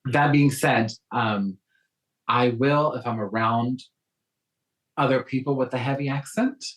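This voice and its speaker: A man's voice: mid-range voice, steady tone, unhurried, a bit bright, poor audio. A man from South Texas with a faint Southern accent, a guest talking in a casual interview, telling stories with frequent ums and restarts.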